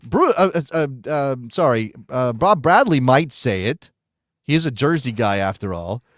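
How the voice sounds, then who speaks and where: Brief: American male co-host, chatty and self-correcting, medium pitch, dry studio sound. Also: sing-song, moderate pace, no echo. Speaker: podcast co-host. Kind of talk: casual soccer talk show.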